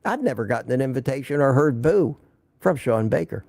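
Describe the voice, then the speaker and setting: Older man, live stream host, joking and rambling, gravelly, mellow, recovering from illness. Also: mid-range voice, animated, a little fast, dry recording, studio quality. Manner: joking, rambling, reads viewer comments aloud. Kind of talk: casual live stream chat.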